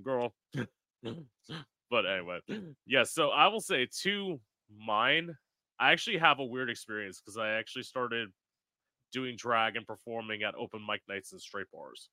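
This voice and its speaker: A man hosting an interview, chatting quickly and casually, with some swearing. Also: medium pitch, bright, forceful tone, no echo. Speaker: podcast host, drag performer. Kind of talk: casual chat.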